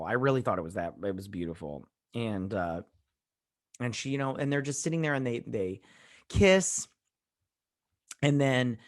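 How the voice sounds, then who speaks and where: A man at an ordinary middle pitch, talking loosely through an episode recap as a review-channel host. He rambles and restarts often, leaning on fillers as he goes. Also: fairly bright tone. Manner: heartfelt, saying he feels choked up.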